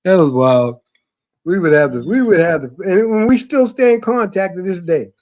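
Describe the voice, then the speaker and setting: A man's voice: high voice, animated, normal speed, darkish tone. A man telling loose, profane stories in casual chat, rambling with fillers and laughing often. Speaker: podcast talker.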